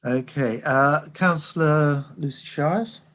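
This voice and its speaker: A man chairing a formal committee meeting over a video call, polite and brisk. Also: a little high, fairly bright tone.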